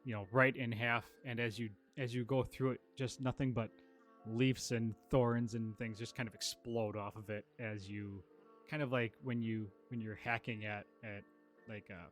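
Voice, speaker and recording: A man's voice: medium pitch, flat delivery, moderate pace, faint music behind. A man narrating as game master in a tabletop game, describing the action in a loose, rambling way.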